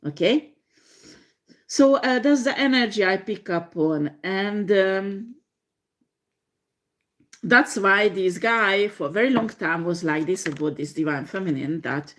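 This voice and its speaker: Slow-talking, profane woman tarot reader. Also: fairly low pitch. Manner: profane, laughing, animated storytelling with frequent fillers. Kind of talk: tarot reading monologue.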